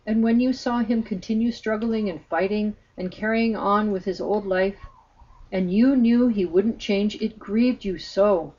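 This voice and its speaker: A woman narrating a spiritual story in a gentle, earnest way, on a slightly muffled recording. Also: mid-range voice, measured pace.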